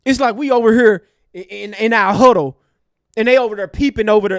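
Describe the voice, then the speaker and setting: A man's voice: high-pitched, fairly quick, no echo, clean studio sound. A man hosting an online show, delivering a fiery, preachy rant to his live chat. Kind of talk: impassioned livestream rant.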